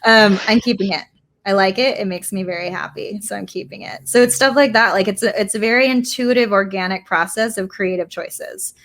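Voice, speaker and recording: A woman's voice: mid-range voice, fairly quick, a bit bright. Chatty woman teaching art casually. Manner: chatty, rambling, self-deprecating, lots of fillers. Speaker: artist teaching a workshop. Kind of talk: casual live demo tutorial.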